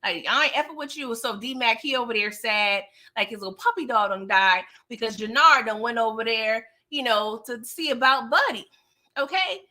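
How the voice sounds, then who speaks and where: A woman's voice: a little high, moderate pace, pushed and bright. A woman hosting a casual livestream recap of a TV show, chatting in slangy, playful talk and laughing often.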